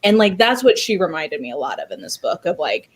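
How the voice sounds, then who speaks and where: A woman on a video call in a casual book club discussion, animated and critical as she thinks aloud. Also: on the low side, fairly quick, breathy edge.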